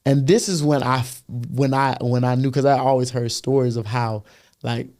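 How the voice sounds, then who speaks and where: A young man, a youth pastor and worship leader, telling his faith testimony in a casual podcast conversation, earnest and animated, acting out what others said to him and often repeating his words as he goes. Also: medium pitch, moderate pace.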